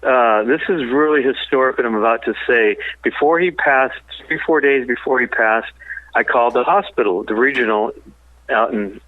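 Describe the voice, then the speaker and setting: A man, a songwriter and business partner, telling rambling, animated stories in a phone-in interview. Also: mid-range voice, moderate pace, dry recording. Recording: tinny phone line.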